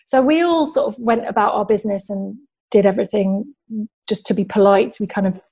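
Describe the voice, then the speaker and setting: A woman's voice: mid-range voice, a little fast, darkish tone. A woman, a football journalist, chatting and telling stories in an interview, with many casual fillers.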